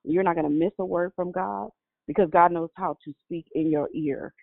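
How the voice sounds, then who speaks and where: Gravelly man exhorting over the phone. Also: on the high side, steady tone, moderate pace, no room sound. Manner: exhorting, preacherly. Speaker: caller. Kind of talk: prayer-call testimony. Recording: tinny, dry phone line.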